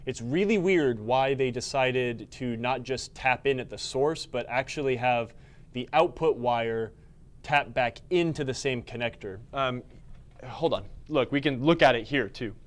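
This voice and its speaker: Man, live-stream repair host, tired, quick energetic explaining, ums and uhs, mid-pitched. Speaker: pinball repair technician host. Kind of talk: live-stream technical chat.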